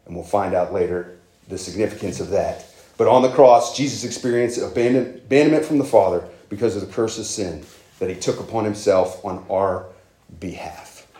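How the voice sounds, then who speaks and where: A man's voice: fairly low pitch, normal speed, mellow, echoey room. A man preaching a sermon as pastor, earnest and conversational, with emphatic rises.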